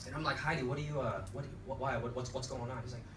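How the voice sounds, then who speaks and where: Animated male storyteller, echoey room. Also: medium pitch, rapid-fire. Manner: lively, repeats "okay" to the audience. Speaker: presenter. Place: lecture room. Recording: echoey room, far mic, noisy.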